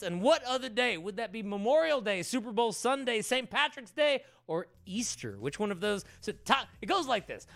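A young man runs a trivia game with playful banter. His voice sits high and bright. His pitch leaps around as he reads the choices and jokes about the answers. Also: creaky. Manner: playful, reads questions then riffs. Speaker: trivia host.

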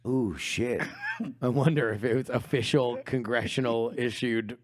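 A man's voice: mid-range voice, fairly even intonation, unhurried. A man co-hosting a comedy podcast, talking in crude, profane casual chat with stammered restarts. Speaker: podcast co-host.

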